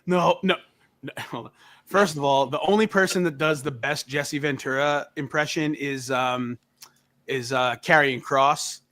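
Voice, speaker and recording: A man's voice: medium pitch, measured pace. A man co-hosting a casual music podcast, joking and ribbing his friends. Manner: teasing, joking, animated. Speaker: co-host.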